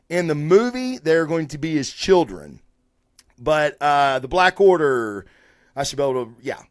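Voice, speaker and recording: Rambling, profane comic-review host. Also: male voice, on the high side, dry recording, studio quality. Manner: rambling, profane, chatty with the stream chat. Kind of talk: casual live-stream review talk.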